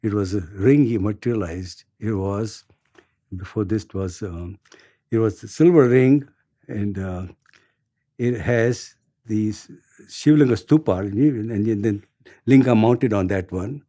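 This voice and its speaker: A man in his sixties with an Indian accent, telling a story in an interview in a halting way, repeating words and chuckling. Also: fairly low pitch, dark tone, dry recording, clean studio sound. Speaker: interview guest.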